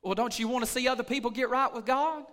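High, bright-voiced preaching man. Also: quick pace, long reverb tail. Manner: preaching that builds from calm to shouting. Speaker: pastor. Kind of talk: sermon. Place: church sanctuary.

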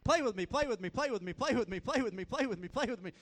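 A man's voice: very high voice, lively intonation, fast talker, a bit bright, voice pushed up, heavily acted. A man voicing his small daughter, who begs him over and over to play with her. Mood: pleading. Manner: insistent, endlessly repeating. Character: small girl pestering her dad to play.

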